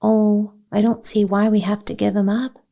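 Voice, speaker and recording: A woman's voice: mid-range voice, level tone, moderate pace, vocal fry, warm tone, lightly acted. A woman voicing an eager little girl who longs to keep a fawn, speaking in a pleading, heartbroken way in a bedtime storybook reading.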